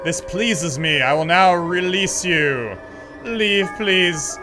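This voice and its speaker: A man's voice: high-pitched, slow, over music. A man voicing a grand, demanding male ghost in a game, with haughty, lordly speech.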